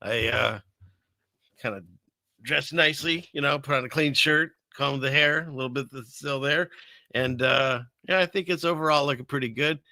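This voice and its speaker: A man's voice: mid-range voice, normal speed, bright, forceful tone, dry recording. An older man hosting a casual live stream, rambling and joking at himself with lots of fillers and restarts, from a small room at his computer. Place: small upstairs room above a fireplace.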